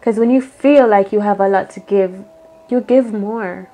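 A woman reads tarot cards on her own, speaking in an affirming, encouraging way. She thinks aloud as she works through each card. Her pitch sits in a middle range for a woman. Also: a little slow, warm tone. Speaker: tarot reader. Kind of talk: solo tarot reading.

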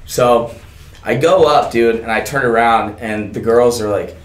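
A young man spins a loose, profane story as a podcast guest, relaxed and chuckling along the way. His voice sits at an ordinary pitch. The room around him rings a little, with faint background noise. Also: moderate pace, echoey room. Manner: profane, laid-back, laughs often. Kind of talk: casual storytelling chat.

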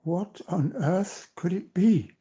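An older man, a grandfather, reading a homemade storybook aloud gently and without hurry. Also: high voice, slow, slightly rough.

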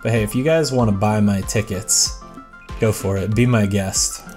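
A man's voice: fairly low pitch, moderate pace, darkish tone, faint music behind. A man giving casual, rambling gameplay commentary as a let's play host, self-deprecating and chatting to the characters on screen.

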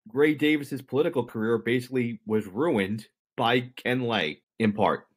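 A man with a medium-pitched, slightly rough voice speaks at a normal pace while co-hosting a podcast. He casually tells a history story, explaining it to his co-host with jokes and asides along the way.

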